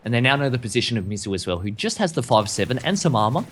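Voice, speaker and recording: A man's voice: mid-range voice, big pitch swings, very fast, a bit bright, a little hiss or hum. A man casting an esports match in a chatty, self-deprecating way. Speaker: esports caster. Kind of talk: esports commentary.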